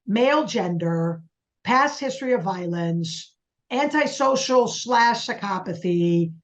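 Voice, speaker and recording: A woman forensic psychologist explaining in an interview, listing her points in a clear, explanatory way. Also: mid-range voice, animated, slow. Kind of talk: expert interview.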